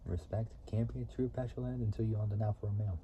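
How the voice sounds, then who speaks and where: A man's voice: lowish voice, steady tone, fast, warm tone, highs cut off, a little hiss or hum. A man casually talking through a racing game's trivia, rambling and often restarting or correcting himself mid-sentence. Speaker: gaming video host. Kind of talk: casual game commentary.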